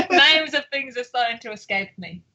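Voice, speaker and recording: A woman's voice: a little high, animated, a little slow, bright, forceful tone, dull audio. A tired woman with a British accent, a podcast guest chatting hesitantly late at night. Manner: hesitant, trailing off. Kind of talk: casual chat.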